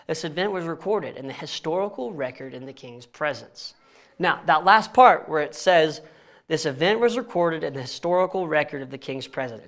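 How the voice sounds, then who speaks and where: With a fairly high, fairly bright voice, a young man teaches Bible study in a church, reading scripture aloud in a casual manner. He frequently trips over names and laughs at his own mistakes.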